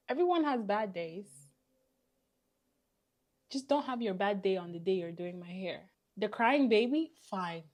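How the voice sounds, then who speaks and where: A woman vlogging casually to camera, venting in a tired, exasperated way while hungry. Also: medium pitch. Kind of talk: casual storytime vlog. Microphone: camera mic facing a monitor.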